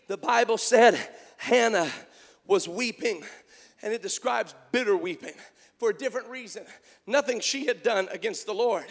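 A man preacher telling a story as a sermon, fervent, and building up to shouted appeals to the congregation. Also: extremely high pitch, gravelly, in a large hall.

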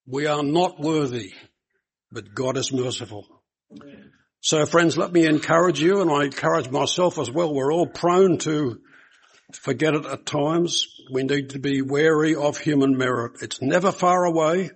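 A man's voice: fairly high pitch, a little slow, breathy edge, poor audio. A man preaching a sermon to a congregation, speaking earnestly and putting rhetorical questions to his listeners.

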